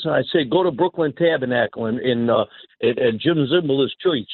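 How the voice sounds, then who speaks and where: A man's voice: medium pitch, a little fast, husky, dry recording. A man calling in to a radio show, emphatic and repetitive with stumbling restarts. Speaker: caller. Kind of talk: phone-in call. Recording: tinny phone line.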